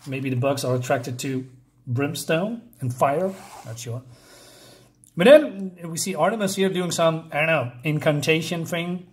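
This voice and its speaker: A slightly high-voiced man talks through a comic issue in a loose, offhand way. He wanders into tangents, fills gaps with ums and uhs and chuckles at his own remarks. The delivery is casual and unscripted. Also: measured pace. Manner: rambling and digressive, with frequent fillers and chuckles. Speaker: comic book reviewer.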